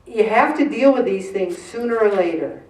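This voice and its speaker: A woman in her sixties leading a faith-based group talk, animated and acting out the voices she quotes. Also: medium pitch, moderate pace. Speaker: faith-based weight-loss group leader. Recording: roomy room, mic far off.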